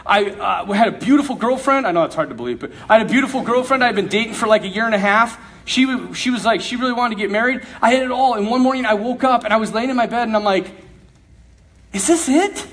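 A man telling his faith story to an audience, animated and laughing often as he acts out the dialogue. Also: high-pitched, quick pace, hardly any pauses. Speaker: speaker sharing a faith testimony.

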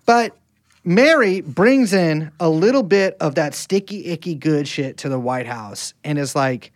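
A man's voice: a little high, expressive, measured pace, dry recording, clean studio sound. A man co-hosting a podcast in casual chat, rambling and crude, joking and often restarting his sentences. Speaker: podcast co-host.

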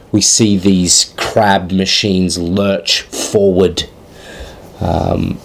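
A man's voice: low voice, vocal fry. A man narrating a tabletop game scene off the cuff, hesitant and thinking aloud with many fillers.

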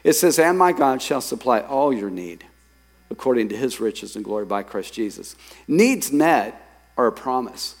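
A man preaching a sermon as pastor, lively, reading scripture and telling stories to his congregation. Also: mid-range voice, moderate pace. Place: church sanctuary. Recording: long hall reverb.

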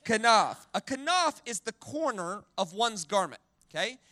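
A man preaching a sermon with a very high, bright voice and a dry, close sound. He is animated, has the crowd repeat words back to him, and often stumbles and restarts mid-phrase. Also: normal speed, no echo. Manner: animated, leads the crowd in call-and-response repetition. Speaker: guest preacher.

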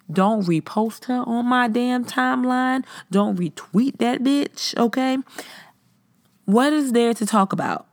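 A podcast host rants bluntly and profanely in a fairly low woman's voice, sounding tipsy with a slight slur. The casual chat is recorded with studio quality and no echo.

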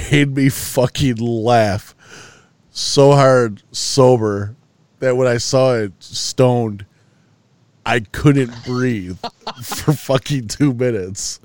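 This podcast co-host speaks extremely slowly in a medium-pitched, darkish voice, yawning and weary. He tells a long story in relaxed, profane chat, restarting a lot, and the recording has no room sound.

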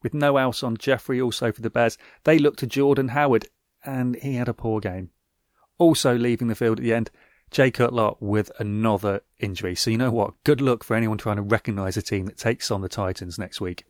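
A man's voice: medium pitch, fairly even intonation, a little fast, dry recording. A man hosting a podcast, reading a scripted football recap with wry, dry asides. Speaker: podcast host.

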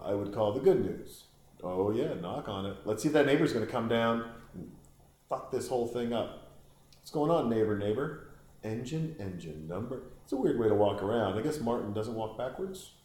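A man giving rambling, crude, joking commentary while watching a film, with sudden high-pitched exclamations. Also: a little mellow, roomy sound. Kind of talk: casual watch-along commentary.

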